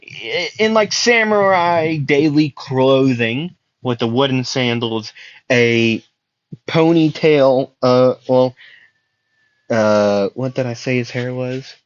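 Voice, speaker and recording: Casting: a slow-talking man telling a made-up story, halting, dull lo-fi recording. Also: mid-range voice, no room sound. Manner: halting, many fillers and restarts. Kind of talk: improvised fan story narration.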